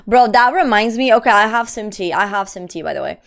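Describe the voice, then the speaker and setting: A woman's voice: medium pitch, lively intonation, brisk, creaky, slight background noise. A young woman live streamer chatting casually with her viewers. She reads their messages aloud in a slangy, talkative way.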